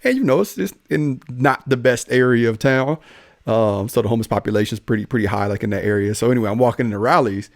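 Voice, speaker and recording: Animated young male podcast storyteller. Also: mid-range voice, fast, gravelly, no echo, clean studio sound. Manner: animated storyteller, acts out voices, laughs often.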